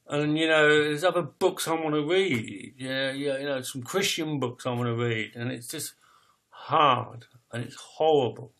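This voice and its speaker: Raw, halting man in his fifties. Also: fairly high pitch, a bit bright. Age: 50s. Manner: raw and emotional, with halting restarts and swearing. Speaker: poet telling his life story. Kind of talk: personal spoken confession.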